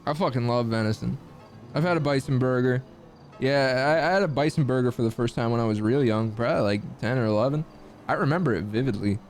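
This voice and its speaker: A young man from the Midwest US chatting casually with his stream chat, swearing freely and making lively asides. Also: mid-range voice, fast talker, faint music behind.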